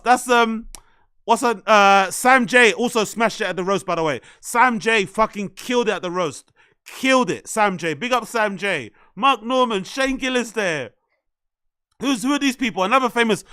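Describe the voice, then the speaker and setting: Man, streamer host, excitable, heavy swearing, crisp resonant tone, bright. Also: very high voice, moderate pace, no echo, studio quality. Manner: excitable, swears heavily, laughs at own remarks. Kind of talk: live reaction stream.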